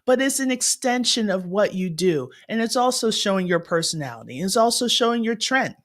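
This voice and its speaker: A woman's voice: mid-range voice, lively intonation, a little fast. A woman math tutor talks straight to her viewers on a casual livestream. She is chatty and upbeat, breaks off to greet people as they join, and laughs easily.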